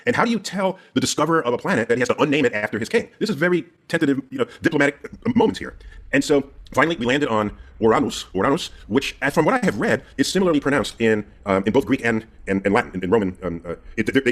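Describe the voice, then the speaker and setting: A man's voice: medium pitch, animated, very fast. A man casually explaining science, rambling and repeating words with frequent chuckles.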